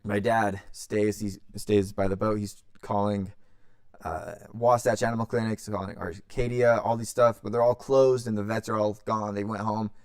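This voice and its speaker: A man's voice: on the low side, flat delivery, moderate pace, a little mellow, clear, resonant tone, dry recording, studio quality. A young man, hosting a podcast and telling a long story in a loose, profane way, acting out quotes as he goes. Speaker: podcast host. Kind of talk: casual storytelling.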